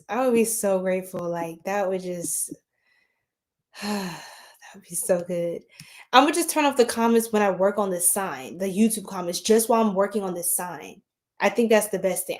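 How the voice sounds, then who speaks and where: A woman's voice: mid-range voice, normal speed, a little mellow. A woman reading tarot on a late-night livestream, chatting with viewers in a giggly, scattered and tired way.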